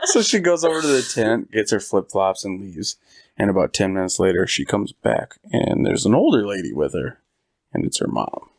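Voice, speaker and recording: Male podcast host, gravelly low voice, loose comic storyteller who plays the characters. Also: no room sound, clean studio sound. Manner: rambling, acts out quotes in voices. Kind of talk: casual comedic storytelling.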